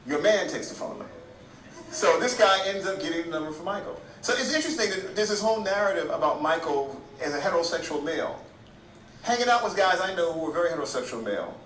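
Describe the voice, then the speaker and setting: A man's voice: high-pitched, animated, fast talker, a bit bright. A man telling stories in an interview clip, conversational with restarts. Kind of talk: interview storytelling. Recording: echoey, from far off, faint hiss.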